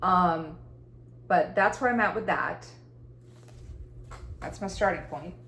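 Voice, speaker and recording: A woman's voice: fairly low pitch, takes it slowly, reverberant, noisy background. A woman talking casually about her cross-stitch projects, rambling and chatty, with self-deprecating laughs. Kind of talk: casual chat. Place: room at home.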